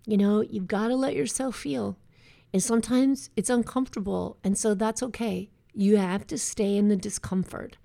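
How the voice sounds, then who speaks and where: A woman's voice: medium pitch, steady tone, moderate pace, vocal fry, warm tone. A middle-aged woman life coach giving a direct, emphatic motivational talk that mixes in casual swearing. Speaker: breast cancer survivor and life coach. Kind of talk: motivational monologue.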